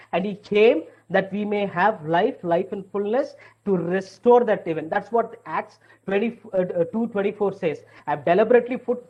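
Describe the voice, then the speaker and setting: A woman's voice: medium pitch, darkish tone, highs cut off. A woman preaching a sermon in an earnest way, stressing her points with a repeated "yes".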